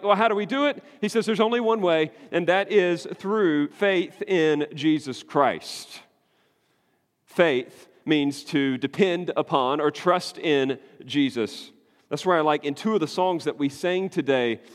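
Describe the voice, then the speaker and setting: Man, pastor, conversational sermon, rhetorical questions, high-pitched, long hall reverb.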